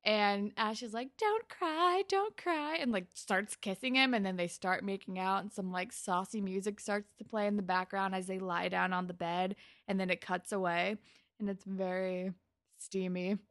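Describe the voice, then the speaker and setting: A woman's voice: medium pitch, little pitch movement, moderate pace, fairly bright tone, no echo, clean studio sound. Chatty young woman podcast co-host. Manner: chatty, puzzled and amused. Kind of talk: casual chat.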